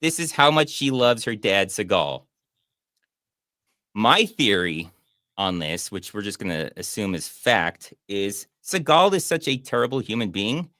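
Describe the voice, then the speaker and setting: A man's voice: fairly low pitch, very animated, unhurried, sharp tone, no echo, clean studio sound. A man hosting a casual movie review show, making sarcastic, mocking comments about a film. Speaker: podcast host and movie reviewer.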